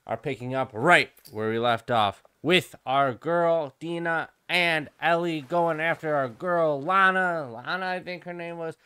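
A man's voice: fairly high pitch, unhurried, few pauses, fairly bright tone, smooth. A man hosting his gaming channel, chatting in an upbeat, casual way and swearing freely while he plays. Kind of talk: let's play commentary.

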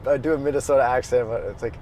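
A man's voice: medium pitch, rapid-fire, crowd noise. A young man from Canada, co-hosting a casual car review, joking and ranting with emphatic energy. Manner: excitable, jokey, emphatic rants.

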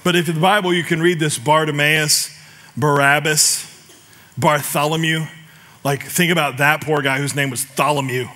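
Bright-voiced, animated preaching man. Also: on the high side, normal speed. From United States. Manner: animated, jokey, shouts scripture cries. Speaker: pastor. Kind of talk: sermon.

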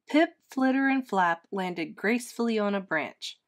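Speaking at a measured pace in a medium pitch, this teacher reads a picture book to children, giving it a soft, expressive storyteller's touch.

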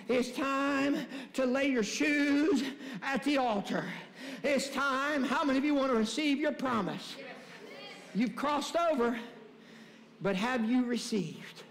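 A man preaching with fervor, his voice sitting very high for a man. His words ring with a long hall reverb through the church sanctuary, climbing into shouted calls to the congregation. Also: slow, slight background noise. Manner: impassioned preaching, building to shouts. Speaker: pastor. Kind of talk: sermon.

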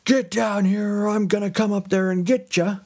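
A man's voice: high voice, steady tone, moderate pace, a little mellow, pitched above the performer's own voice. A man voicing an impatient, menacing pirate husband who barks demands. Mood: demanding. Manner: demanding, barking orders.

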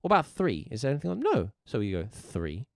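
Male music teacher, livestream lesson: gravelly tone, very animated pitch, dry close sound, playful and encouraging. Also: fast, no room sound. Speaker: music teacher streaming live.

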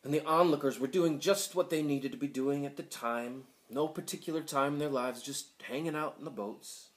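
Man, sermon, dramatic preacher, loud then hushed, graduation address. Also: on the high side, normal speed. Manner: dramatic, swings from loud pleading to hushed whispers.

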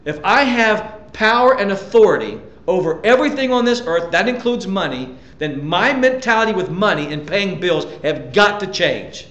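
A man's voice: high voice, very animated, moderate pace, hardly any pauses, fairly bright tone, roomy sound, highs cut off. A male pastor preaching a sermon with emphasis, asking the congregation rhetorical questions.

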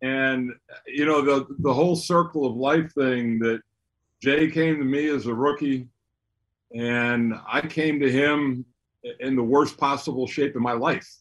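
Candid middle-aged man, mid-pitched. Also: fairly even intonation, unhurried, fairly bright tone, rough recording. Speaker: former basketball player, guest. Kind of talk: casual conversation.

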